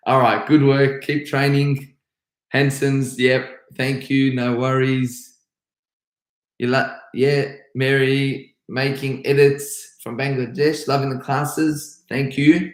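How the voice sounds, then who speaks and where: A man's voice: mid-range voice, little pitch movement, slow, reverberant, poor audio. An Australian man, a karate instructor hosting a live stream, answering viewers' comments in an upbeat, chatty way full of restarts.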